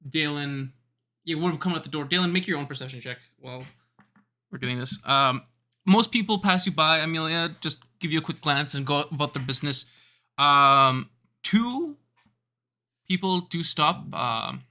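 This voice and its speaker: A man narrating as game master of a tabletop game, halting and pausing with many ums. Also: on the high side, expressive, pushed and bright. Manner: hesitant, many ums and pauses.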